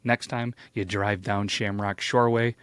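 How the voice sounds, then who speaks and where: A man's voice: fairly low pitch, level tone, normal speed, fairly bright tone, smooth, no echo. A man hosting a casual storytelling show, playful and jokey, with big swoops of emphasis. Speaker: host.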